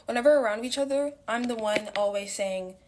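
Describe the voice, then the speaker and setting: Young adult woman, slightly high-pitched, rambling casual storyteller with lots of fillers and dramatic swings. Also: brisk, a little mellow, slight background noise.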